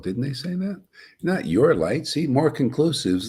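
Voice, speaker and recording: A man's voice: a little high, big pitch swings, a little slow, warm tone, husky. A man giving an informal, emphatic spiritual talk to a group, folksy and chuckling, often asking "see?". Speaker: spiritual teacher.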